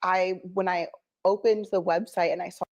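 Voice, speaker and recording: A woman's voice: lowish voice, fairly even intonation, moderate pace, a little mellow. A woman hosting an interview, asking questions and affirming her guest. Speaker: interview host. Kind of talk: conversational interview.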